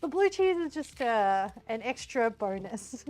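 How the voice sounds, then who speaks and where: Giggly high-voiced Australian woman. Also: sing-song, a little slow, darkish tone, faint music behind. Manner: giggly, scattered, chatty. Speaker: streamer. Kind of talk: casual live-stream chat while cooking.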